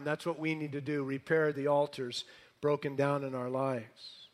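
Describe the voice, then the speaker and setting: Animated, sarcastic middle-aged male preacher. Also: fairly high pitch, moderate pace. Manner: animated storytelling with sarcastic humor; dramatic scripture reading. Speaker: pastor. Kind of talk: sermon.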